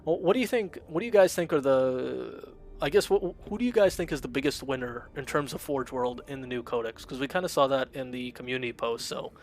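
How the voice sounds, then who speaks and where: A man's voice: mid-range voice, a little fast. A man chatting casually on a game stream, rambling with lots of fillers and reading chat aloud. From Russian-speaking family, immigrated to America. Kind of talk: casual live-stream chat while gaming.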